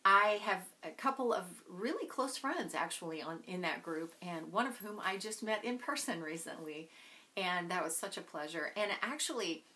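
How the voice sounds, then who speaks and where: Bright-voiced woman gushing about books. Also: fairly low pitch, expressive, moderate pace, low-quality recording. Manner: gushing, enthusiastic. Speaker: book vlogger. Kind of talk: casual chat.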